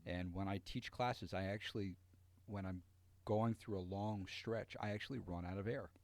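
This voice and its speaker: A man's voice: fairly low pitch, steady tone, moderate pace, a little mellow. A man hosting a live talk show, chatting casually and joking with his guest. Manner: joking, conversational. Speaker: show host. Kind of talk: casual chat.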